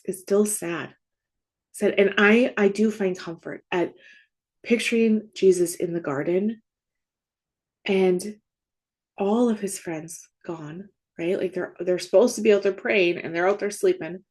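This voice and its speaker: Woman in her 30s, grief coach host, slightly low pitch, chatty teaching tone full of "like" and "right?". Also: a little mellow. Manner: conversational, frequent "like" and "right?" check-ins. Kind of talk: casual spoken podcast teaching.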